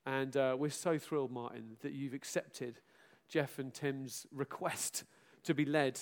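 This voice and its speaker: An unhurried middle-aged pastor with a mid-range voice offers his church an animated farewell address full of self-mockery, punctuated by loud exclamations and laughter.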